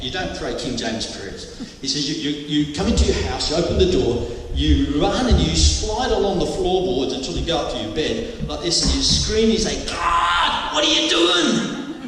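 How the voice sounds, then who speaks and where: Pitched on the high side with big swings, a pastor talks at normal speed with few pauses over a noisy background. His church hall sermon, captured from afar in an echoey space, is anecdotal and jokey, with bursts of mimicry and little voices.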